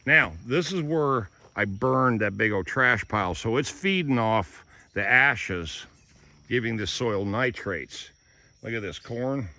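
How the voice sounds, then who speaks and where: A man's voice: mid-range voice, expressive, takes it slowly, pushed and bright. A man vlogging casually, walking through his garden and telling folksy stories. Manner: folksy storyteller. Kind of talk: casual vlog walk-through. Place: rural garden outdoors.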